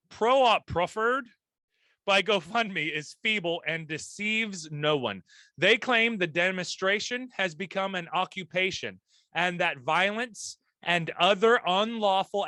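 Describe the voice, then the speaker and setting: A man's voice: sits high, sharp tone, dry recording. A young man co-hosting a casual podcast, joking around in crude slang and reading news aloud. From United States. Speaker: co-host.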